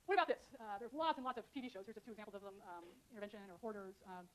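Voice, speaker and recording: A woman's voice: mid-range voice, animated. A middle-aged woman giving a university lecture in a loose, conversational way, with lots of ums and uhs. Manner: fast, filler-heavy, conversational explaining. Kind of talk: classroom lecture. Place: lecture hall.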